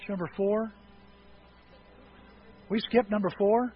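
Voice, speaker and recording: A pastor preaching a sermon, moving from quiet, conversational talk to impassioned shouting and acting out prayers. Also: male voice, sits high, expressive, moderate pace. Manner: acts out prayers and dialogue. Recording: dull lo-fi with faint noise.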